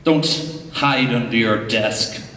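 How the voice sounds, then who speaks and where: A man's voice: medium pitch, slow pace, a crowd in the background. Joking Irish man in an echoey hall. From Ireland. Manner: jokey, chatty, lots of fillers. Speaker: conference speaker, tech coach. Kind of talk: humorous conference talk. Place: large hall before an audience. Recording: echoey hall recording from far off.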